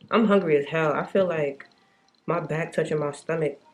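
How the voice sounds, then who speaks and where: A woman's voice: sits low, a little hiss or hum. A young woman, vlogging and ranting bluntly to the camera with plenty of swearing. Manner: exasperated, blunt, swears a lot. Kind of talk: casual vlog rant.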